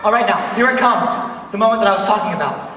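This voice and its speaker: A man's voice: high voice, racing, sharp tone. A man on a stage playing a chatty theatre fan, rambling and stammering as he talks to the audience. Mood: fond. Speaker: stage narrator addressing the audience. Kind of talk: live stage musical performance. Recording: echoey hall from far off.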